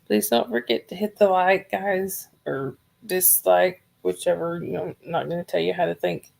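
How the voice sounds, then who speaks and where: A woman from Georgia, chatting softly and rambling on a livestream while losing her voice. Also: lowish voice, moderate pace, creaky. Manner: soft-spoken, rambling, talks to chat viewers by name. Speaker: livestream host. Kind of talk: casual livestream chat.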